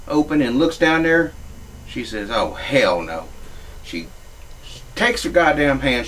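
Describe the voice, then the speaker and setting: A man's voice: a little high, recorded from a distance, low-quality recording. A man, telling a crude comic story in a profane, drawling redneck manner. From Louisiana.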